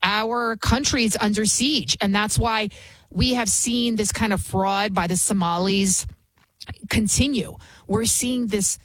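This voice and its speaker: A woman's voice: mid-range voice, lively intonation, moderate pace, slightly rough, no echo. A woman hosting a commentary show, delivering a heated, emphatic opinion monologue with frequent restarts and repetition.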